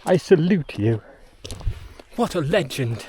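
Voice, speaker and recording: A man's voice: a little high, big pitch swings, slow pace, dark tone, slight background noise. A man, chatting casually to the camera while hiking outdoors on a mountain trail. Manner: chatty, rambling, talks to animals and camera. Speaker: vlogger.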